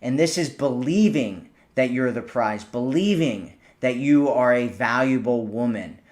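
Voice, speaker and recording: A man of medium pitch talks through dating advice in a loose, conversational way. He repeats and restarts phrases as he goes, and acts out sample lines in a playful tone. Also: lively intonation, a little slow, darkish tone. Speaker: dating coach. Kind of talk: casual advice monologue.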